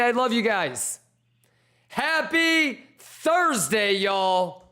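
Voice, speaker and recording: A man with a high, bright voice running a trading livestream. He talks in an unhurried way, firing off slangy shout-outs to his viewers with loose, hyped energy. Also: animated. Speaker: crypto trading streamer. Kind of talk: casual livestream chat.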